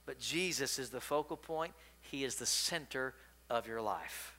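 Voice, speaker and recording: A man's voice: mid-range voice, a little slow, bright, forceful tone. A man preaching a sermon, emphatic and repetitive, telling stories and praying with his listeners. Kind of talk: sermon with storytelling.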